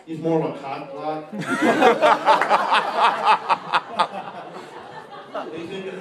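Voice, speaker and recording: A young man with a slightly high voice rambles through a stand-up set, full of fillers and halting restarts. He sounds distant in a very echoey comedy club. Loud audience laughter rolls in behind him. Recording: echoey club, mic heard from afar, loud crowd laughter.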